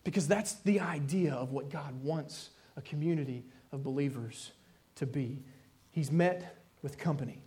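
A man with a fairly high voice preaching to his congregation. He tells a story in an animated way, acting out each person's voice as he goes, and his tone moves between gentle, hushed comfort and raised excitement. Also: moderate pace. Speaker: pastor. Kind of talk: sermon.

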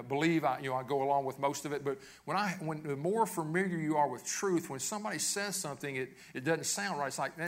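A man preaching a sermon as pastor, earnest and repetitive, often restarting his phrases. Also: medium pitch.

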